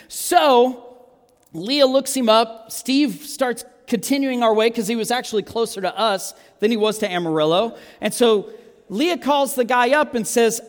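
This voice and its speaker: A man preaching, telling a long personal story in an animated, self-amused way, with frequent restarts. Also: very high voice, moderate pace. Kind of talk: sermon storytelling. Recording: long hall reverb.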